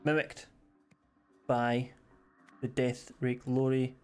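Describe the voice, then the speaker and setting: A man's voice: medium pitch, flat delivery, takes it slowly, clean tone, soft background music. A Scottish man streaming a game live, joking crudely and reading game text aloud hesitantly. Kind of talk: casual live-stream commentary.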